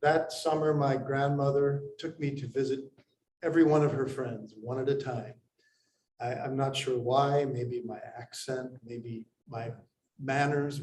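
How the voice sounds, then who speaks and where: A man from India telling a personal story to an audience, unhurried with pauses and lively acted quotes. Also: mid-range voice. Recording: roomy, distant mic, faint noise.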